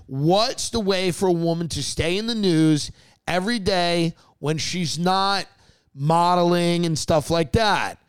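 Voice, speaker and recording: A man's voice: high voice, unhurried, clean tone, dry recording, poor audio. A man co-hosting a podcast, talking in a rambling, joking, opinionated way. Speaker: podcast co-host. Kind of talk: casual joking chat.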